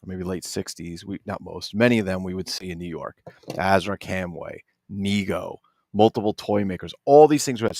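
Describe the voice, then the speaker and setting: Low gravelly man, animated toy chat. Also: no echo, studio quality. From New Jersey. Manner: animated, swears freely, jokey asides. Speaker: toy collector vlogger. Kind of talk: casual unboxing chat.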